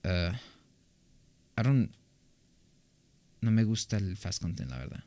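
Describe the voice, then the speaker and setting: A man's voice: low voice, expressive, a little slow, dark tone, no room sound. A young man from Colombia chatting casually with his live-stream audience from his home recording room, rambling and joking with loose restarts. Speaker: streamer answering chat.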